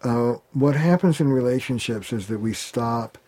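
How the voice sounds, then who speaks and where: A man's voice: mid-range voice, normal speed. A man, a family therapist, talking in an interview and acting out the arguments he quotes. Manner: animated, acts out quoted arguments. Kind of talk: conversational interview.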